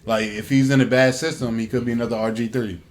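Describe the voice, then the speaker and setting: A man's voice: mid-range voice, steady tone, fast. A man co-hosting a podcast in casual chat, laid-back and blunt with crude jokes. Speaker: podcast co-host.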